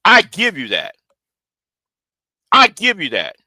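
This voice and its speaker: A man hosting a live reaction stream, his voice high and swooping up and down. The tone is bright and sharp, and the sound is dry and close. He talks excitably, repeating words as he builds up to a point. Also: slow, dry recording.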